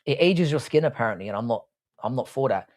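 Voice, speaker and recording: Brief: male livestream host, mid-pitched, loose and crude, swears freely while reading chat aloud. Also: expressive, fast, darkish tone. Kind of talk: casual live chat.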